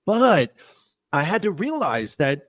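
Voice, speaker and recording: A man co-hosting a podcast in casual chat, telling personal stories with lively acted-out dialogue and frequent stammered restarts. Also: fairly high pitch, slow. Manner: animated storyteller who acts out both sides of dialogues. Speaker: podcast co-host.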